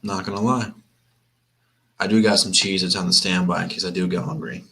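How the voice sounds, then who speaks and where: A man's voice: deep voice, steady tone, brisk, fairly bright tone. A young man from Michigan hosting a live sports watch-party stream, chatting casually and rambling with plenty of restarts. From Flint, Michigan. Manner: rambling, chatty, laid-back, repeats himself. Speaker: sports livestream host.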